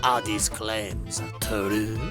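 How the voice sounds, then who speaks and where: A woman voicing a flamboyant, theatrical French TV interviewer with a put-on French accent and drawn-out, sing-song exclamations. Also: a bass voice, little pitch movement, full character voice. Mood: gushing. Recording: clear music playing behind. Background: music.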